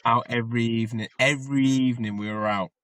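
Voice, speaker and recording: A man's voice: mid-range voice, fairly even intonation, fast, fairly bright tone, no room sound. A man, an army veteran and podcast guest, telling his story in a rambling, casual way and swearing freely.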